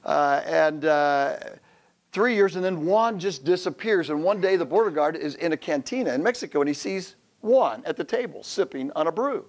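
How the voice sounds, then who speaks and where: A man's voice: on the high side, lively intonation, moderate pace. A man in his fifties, a pastor giving a joking sermon to men, telling stories and acting out quotes. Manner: humorous storytelling with acted quotes.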